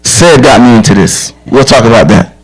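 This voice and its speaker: A man's voice: medium pitch, moderate pace, husky, rough recording. A man who is a police officer, giving a direct, earnest safety talk to children at a church camp and telling stories from his own life. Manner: direct, earnest, frank storytelling.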